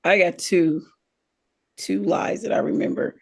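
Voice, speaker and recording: Animated woman telling a story. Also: sits low, a little slow, gravelly. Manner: animated storyteller, acts out childhood dialogue. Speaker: podcast co-host. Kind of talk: casual family chat.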